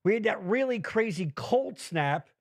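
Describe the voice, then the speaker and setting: A man's voice: sits high, unhurried, no echo, studio quality. A man hosting a live-streamed show, rambling and swearing in casual chat. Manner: rambling, swears freely, animated. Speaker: podcast host.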